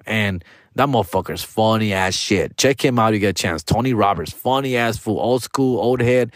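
A stand-up comedian man talking into a close podcast mic in a dry, dead room. His voice sits at an ordinary male pitch. He tells a story in loose, profane slang and keeps tossing in fool and dog. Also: no echo. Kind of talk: casual storytelling monologue.

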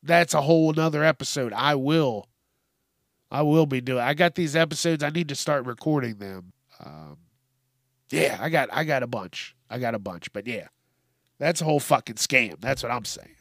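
A man's voice: medium pitch, normal speed, no room sound, clean studio sound. A man hosting a casual solo news podcast, swearing freely and laughing as he rants about odd stories. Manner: profane, animated and laughing often. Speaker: podcast host.

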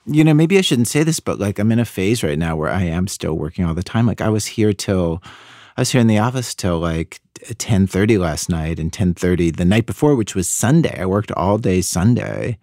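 A middle-aged man talking candidly as an interview guest, halting with many restarts. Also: sits low, animated, warm tone, dry recording, studio quality. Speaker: radio show host, interview guest. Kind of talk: conversational interview.

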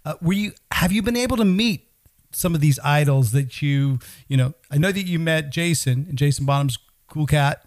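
A man's voice: a little high, normal speed. A man hosting a casual interview, chatty and emphatic, with rambling questions. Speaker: show host and musician.

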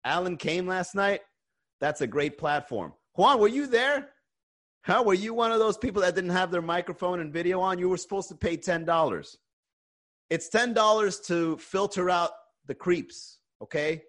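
Hosting a live-streamed comedy podcast, a man chats loosely with viewers and reads their comments, swearing and ranting between laughs. His voice is high-pitched and expressive, with a fairly bright tone, and he talks at a normal speed.

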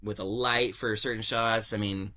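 Young male guest, bright voice; animated, chatty anecdote teller who acts out dialogue. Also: fairly low pitch, moderate pace. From California. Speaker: podcast guest. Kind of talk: casual storytelling interview.

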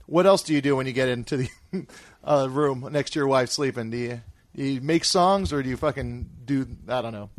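Rambling joking podcast host man. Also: fairly high pitch. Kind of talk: casual chat.

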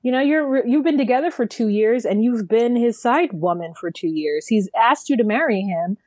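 A woman's voice: a little high, expressive, moderate pace, a little mellow, dry recording. Chatty opinionated woman, dry close sound. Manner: chatty, opinionated, heavy use of "like". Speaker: podcast co-host. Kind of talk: casual TV recap chat.

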